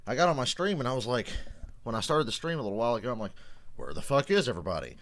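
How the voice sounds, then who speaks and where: A man hosting a live race reaction stream from home, out of breath, chatting casually with jokes, cursing and frequent throat clearing. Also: mid-range voice, expressive, fast talker, a bit bright.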